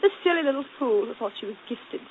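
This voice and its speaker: A proud, earnest young governess, played by an actress in a 1940s radio drama, speaking in a crisp, dignified voice that runs bitter and fervent. The sound is a muffled old broadcast with a steady hiss behind it. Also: female voice, a little high, fast, lightly acted. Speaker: radio drama lead and narrator.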